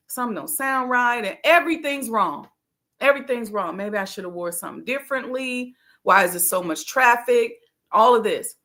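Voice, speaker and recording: A middle-aged woman hosting her own channel, telling a personal story in a casual, animated way and acting out her own inner voice. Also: medium pitch. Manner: casual, conversational with frequent fillers. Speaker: host, life coach. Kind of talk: storytelling monologue.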